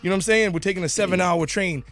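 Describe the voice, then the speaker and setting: Tired, high-voiced Boston rapper, swearing. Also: male voice, racing, fairly bright tone, soft background music. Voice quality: swears constantly, stumbles and restarts his sentences. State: tired from little sleep. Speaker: guest rapper. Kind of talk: casual interview chat.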